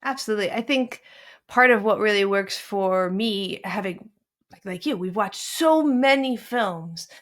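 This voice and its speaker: A woman's voice: mid-range voice, a little slow. A woman in her thirties hosting a podcast, chatting casually and animatedly about a film and laughing often. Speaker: podcast host.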